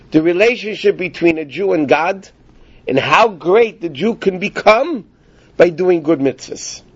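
A man with a fairly high voice leads a small, informal Torah class in the evening, posing rhetorical questions and often checking in with the group. The recording is dry, with the highs cut off.

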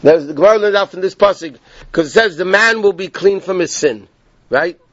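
Fairly quick and a bit bright, a man with a high-sitting voice teaches a Torah class, explaining a text step by step. He goes over points again and checks in with students using "okay?", on a dull, lo-fi, dry recording.

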